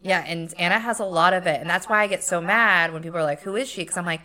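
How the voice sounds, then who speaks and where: A woman's voice: on the low side, fast, sharp tone. A woman co-hosting a podcast in casual chat, talking loosely with many fillers and laughing easily. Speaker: podcast co-host.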